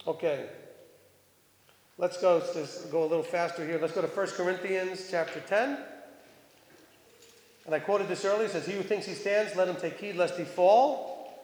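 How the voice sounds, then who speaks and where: In an echoey hall, a preacher with a high, slightly mellow voice speaks at normal speed with long pauses. He teaches his congregation in a chatty sermon, reading verses aloud and questioning the listeners.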